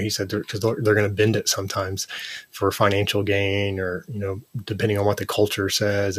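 A man in his thirties, a podcast guest, telling personal stories in an earnest, animated way with lots of "like" and "you know". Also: on the low side, no room sound. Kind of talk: casual interview conversation.

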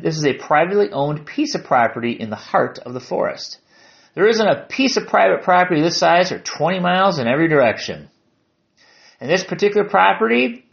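A man with a southern Lower Peninsula Michigan accent, narrating a hiking memoir in a calm, descriptive way. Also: gravelly, dull audio.

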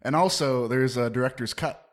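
A man's voice: medium pitch, normal speed. Man, mid voice, teasing podcast co-host, mocking banter.

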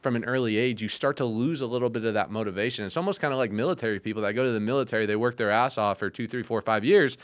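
A man hosting a podcast, speaking in a measured, reflective way and asking long open questions. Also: medium pitch. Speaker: podcast host. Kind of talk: casual podcast interview.

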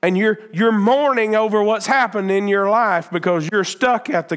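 A man's voice: sits high, normal speed, few pauses, clean tone. A man preaching a sermon as pastor, earnest and emphatic, repeating phrases and restarting his sentences.

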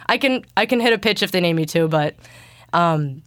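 Smooth-voiced young woman with allergies. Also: lively intonation, moderate pace, no room sound, clean studio sound. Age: young adult. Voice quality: naturally deep for her. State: congested from allergies. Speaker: guest voice actor. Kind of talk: casual interview answers.

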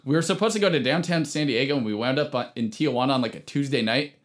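A man co-hosting a casual podcast chat, easygoing and quick to laugh along. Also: mid-range voice. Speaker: podcast co-host.

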